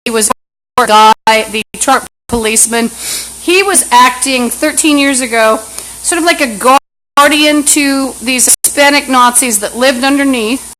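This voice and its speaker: A woman's voice: high voice, unhurried, a bit bright, rough recording. A woman talking into a phone on a live stream at home, in an agitated, rambling monologue full of restarts. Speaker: livestreamer. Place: apartment indoors. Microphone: phone camera app. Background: fan and running water.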